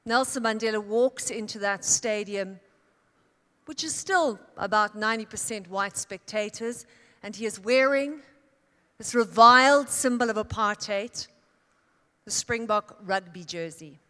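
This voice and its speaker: A woman born in Italy giving a keynote speech as a dramatic storyteller, building her tale with emphatic pauses and swells. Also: medium pitch, bright, forceful tone. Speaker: keynote speaker. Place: large conference hall. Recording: long hall reverb.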